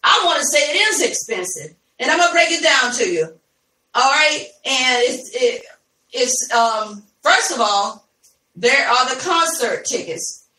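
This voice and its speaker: High-voiced chatty woman podcast host. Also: animated, unhurried, pushed and bright. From Ohio, USA. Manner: chatty, addresses listeners as y'all, laughs easily. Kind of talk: casual live podcast chat. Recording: echoey room, voice from a distance.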